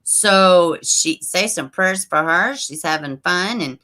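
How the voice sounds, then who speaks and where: A woman hosting a casual livestream, chatting straight to her viewers and reading their comments aloud, with soft asides under her breath. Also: fairly low pitch, slow pace. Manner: frequent soft asides while fiddling with links. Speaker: livestream host.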